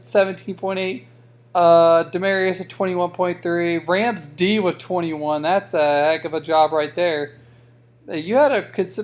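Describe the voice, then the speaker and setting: A fantasy football league commissioner giving a casual weekly recap, joking and trash-talking the teams with lots of fillers. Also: medium pitch.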